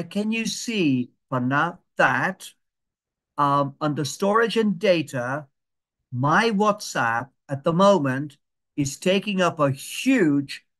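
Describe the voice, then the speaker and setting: A man giving a patient, step-by-step digital skills lesson over a video call, repeating steps slowly and checking that people can follow. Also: a little high, fairly bright tone.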